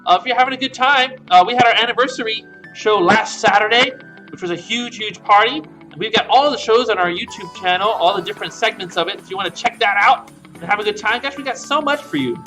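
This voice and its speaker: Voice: medium pitch, fast talker. A host opening a comedy livestream in an easygoing, chatty way, plugging upcoming classes. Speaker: theater host. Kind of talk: casual livestream intro. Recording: stream with faint music.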